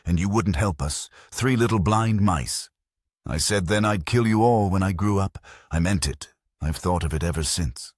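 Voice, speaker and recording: A man's voice: low voice, moderate pace, slightly rough, dry recording, studio quality, voice pushed up. A man doing an unhinged childish young killer. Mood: vengeful.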